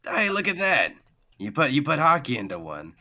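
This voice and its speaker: A man's voice: fairly low pitch, animated, normal speed, bright, forceful tone. A man voicing a blunt, crude male talking sword with a coarse, folksy way of talking. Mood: gruff.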